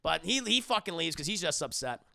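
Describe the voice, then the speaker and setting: Animated, gravelly streamer man. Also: fairly high pitch, brisk. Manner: animated, profane, addresses chat. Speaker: streamer, show reviewer. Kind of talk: live-stream commentary.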